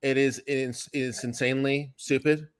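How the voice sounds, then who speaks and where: A man's voice: medium pitch, little pitch movement, normal speed, clean tone. A man in a middle register speaks as a guest on a legal stream. He is blunt and dismissive, calling the case plain greed. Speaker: guest lawyer commentator. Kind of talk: casual chat.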